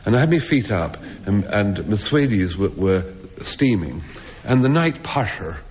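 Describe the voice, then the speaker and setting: A man's voice: lowish voice, sing-song, measured pace, a little mellow. A man on a comedy panel show telling a rambling comic anecdote to a theatre audience, with chuckles and restarts. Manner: rambling, self-interrupting storyteller with chuckles. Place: theatre stage before an audience. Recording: old lo-fi radio broadcast with hall reverb.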